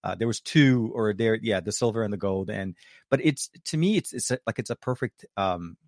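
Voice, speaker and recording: A man's voice: fairly low pitch, no echo, clean studio sound. A man co-hosting a casual tech podcast, rambling with frequent restarts. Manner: rambling, halting, full of restarts. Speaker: podcast co-host.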